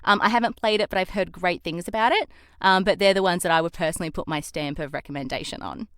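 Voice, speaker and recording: Australian woman, young adult, chatty interview guest, smooth clear voice, dry close sound. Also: on the low side, fast, a bit bright, no room sound. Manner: chatty, laughs easily. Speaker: voice actress guest. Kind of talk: casual interview chat.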